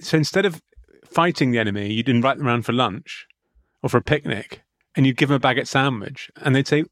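A man co-hosting a comedy podcast, spinning absurd deadpan riffs with many restarts. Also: medium pitch, fast talker, dry recording, clean studio sound. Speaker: podcast co-host. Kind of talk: comedic banter.

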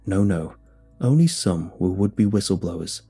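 A man voicing a calm, menacing male secret government agent who delivers threats in a cool, measured way. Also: low-pitched, vocal fry, husky, faint music behind, full character voice. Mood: cold, calm.

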